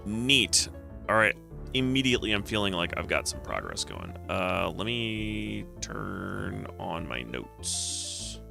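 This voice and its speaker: A man streams a retro computer game, muttering to himself as he plays in a casual let's-play style. His voice is low, gravelly and sing-song, with a slow pace, and music plays in the background.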